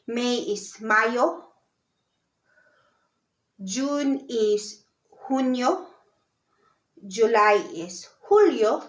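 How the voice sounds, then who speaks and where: A woman's voice: on the high side, a bit bright. A woman teaching a beginners' language lesson, patiently repeating and spelling out each word. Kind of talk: slow, deliberate lesson explanation. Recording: echoey room.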